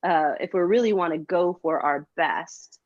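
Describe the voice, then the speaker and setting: A woman's voice: lowish voice, a little slow, no room sound. A middle-aged woman co-hosting a casual motivational chat, upbeat and encouraging, with many fillers. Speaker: co-host. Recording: dull dry lo-fi sound.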